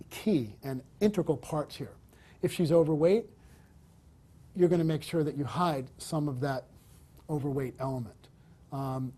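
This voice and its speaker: Guy with a husky, mellow voice walking thru a hotel shoot, coaching the bride and chatting to camera. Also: on the high side. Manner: coaching, encouraging, talks to camera and subject by turns. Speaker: wedding photographer instructor. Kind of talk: on-location teaching and directing a shoot. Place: hotel interior, on the move.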